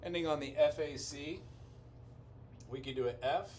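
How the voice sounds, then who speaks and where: A music teacher with a slightly high voice gives a relaxed lesson at an ordinary pace, thinking out loud as he walks through chords and melody. Piano music plays behind him.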